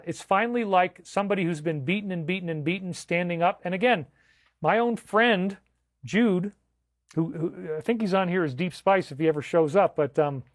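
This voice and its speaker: A man's voice: high voice, no echo, clean studio sound. A man hosting a livestream, talking in an emphatic, incredulous way and repeating himself for effect. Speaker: livestream host. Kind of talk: livestream commentary.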